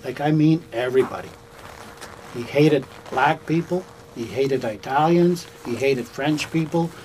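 A man's voice: fairly high pitch, measured pace, a little mellow, a little hiss or hum, low-quality recording. An older man from Canada telling a personal story in a folksy, conversational way, with fillers and restarts. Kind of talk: oral storytelling to a small audience. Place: indoors in a bookstore.

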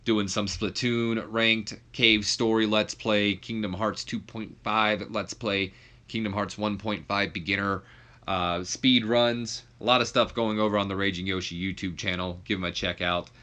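A young man casually commenting on his wrestling simulation game and joking with his viewers, sometimes leaping high in exasperation. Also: flat delivery, a little slow, sharp tone. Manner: laid-back, jokey, swings up high when exasperated. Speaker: YouTuber playing a wrestling sim.

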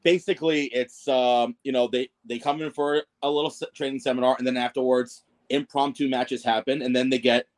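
Brisk and hardly pausing, a man with a mid-range, evenly intoned voice shares his wrestling ring announcer story on a podcast. He rambles, mocks himself, and keeps restarting and using fillers in this casual storytelling chat.

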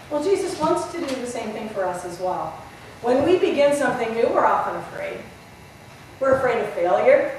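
A woman pastor delivering a sermon, retelling a story with lively questions to her listeners. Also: fairly high pitch, normal speed, a little hiss or hum. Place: large church sanctuary. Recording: roomy echo, voice from far off.

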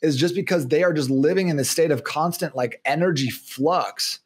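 A man in his thirties, a fitness and nutrition guest on a podcast interview, explaining things in an animated way and acting out the voices he quotes. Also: fairly high pitch, moderate pace, slightly rough.

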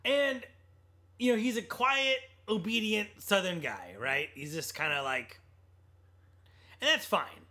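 Lively, bright-voiced sarcastic man. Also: high-pitched, slow, long pauses. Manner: animated, sarcastic, quotes movie lines; swears casually, lots of restarts. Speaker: podcast co-host. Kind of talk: casual film review chat.

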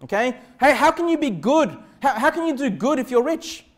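A man's voice: very high-pitched, big pitch swings, normal speed. A male pastor preaching a sermon in church, emphatic, with repeated phrases and rhetorical questions. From Australia.

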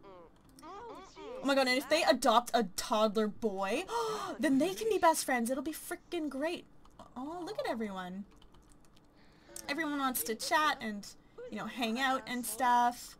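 A woman giving casual, chatty commentary while playing a life-simulation game, gushing and excitable. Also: high-pitched, measured pace, pauses often. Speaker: let's play commentator.

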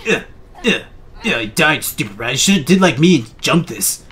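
A man's voice: mid-range voice, expressive, moderate pace, a bit bright. A young man giving rambling, joking let's play commentary, swearing and laughing at his own jokes. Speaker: gaming channel host.

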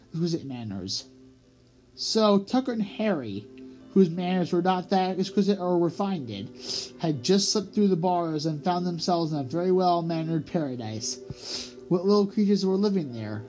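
A reader narrating a children's audiobook in a lively, expressive read-aloud manner with small slips. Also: medium pitch, low-quality recording.

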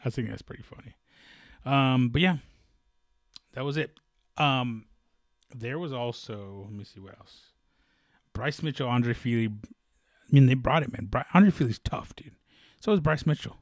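Man, podcast host, casual sports talk, rambling with fillers, mid-pitched, dry close sound. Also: expressive, a little slow, long pauses, no room sound. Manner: rambling, many fillers and self-corrections. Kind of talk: casual solo sports chat.

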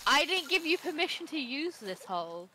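A woman's voice: high voice, sing-song, moderate pace, pushed and bright. A woman streamer chatting casually during a gaming stream, swearing a lot and laughing often. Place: home streaming setup. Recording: noisy home stream mic.

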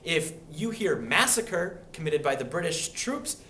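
A man's voice: fairly high pitch, sing-song, unhurried, pushed and bright. A young man teaching a history lesson, casually talking through a study guide with lots of ums and rhetorical questions. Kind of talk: classroom lecture walkthrough of a study guide. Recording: echoey room with faint hiss.

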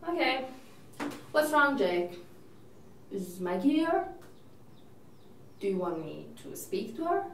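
A woman's voice: a little high, big pitch swings, slow, pauses often, slight background noise, exaggerated voice. A woman playing a chatty, neurotic divorced older sister who rambles and frets in an audition monologue. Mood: fretful. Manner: rambling, self-absorbed and fretful. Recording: echoey room, mic from a distance.

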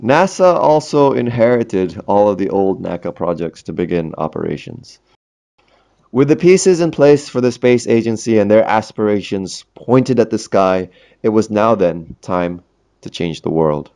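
A man's voice: lowish voice, animated, measured pace, gravelly, dark tone. A man hosting a history podcast in a casual monologue, jokey and chatty, laughing at his own puns. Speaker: podcast host.

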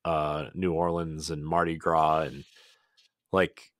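A man's voice: very deep voice, level tone, slow, fairly bright tone, dry recording, studio quality. A man co-hosting a podcast in casual chat, rambling with lots of "like"s and restarts. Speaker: podcast co-host.

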